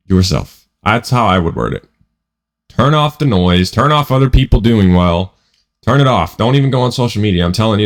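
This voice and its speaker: Male trading vlogger, lowish voice, emphatic and profane, stumbles over his words. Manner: emphatic, profane, repeats himself. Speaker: trading educator. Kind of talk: casual vlog monologue.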